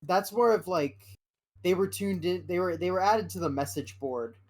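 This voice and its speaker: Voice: mid-range voice, moderate pace. Rambling podcast co-host. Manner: rambling, many restarts and fillers. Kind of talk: casual fan chat.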